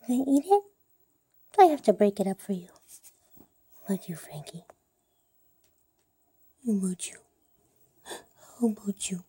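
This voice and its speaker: A woman's voice: fairly high pitch, lively intonation, unhurried, pauses often, darkish tone, slightly rough. A woman at home filming her cats and talking to them in cooing baby talk, often dropping to a whisper, recorded on a handheld camera. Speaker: cat owner filming her pets. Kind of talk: casual talk to pets.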